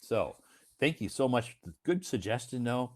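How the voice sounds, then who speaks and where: An American man, an English teacher hosting a live stream, chatting casually in a slow, deliberate way with frequent "uh"s. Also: medium pitch, lively intonation, a little mellow. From United States.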